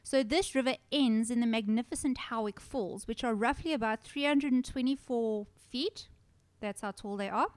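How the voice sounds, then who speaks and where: A woman's voice: a little high, moderate pace, no echo. A woman from South Africa hosting a podcast, chatting casually and telling a story with lots of laughter. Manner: giggly, animated storyteller. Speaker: podcast host. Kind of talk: casual chat.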